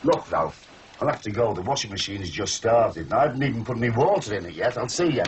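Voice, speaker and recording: A man's voice: fairly low pitch, very animated, fast talker, noisy background. An actor playing a grumpy older man, muttering at a machine he can't work. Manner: grumbling, exasperated muttering. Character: grumpy old man fighting a washing machine. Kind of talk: 1980s TV soap acting.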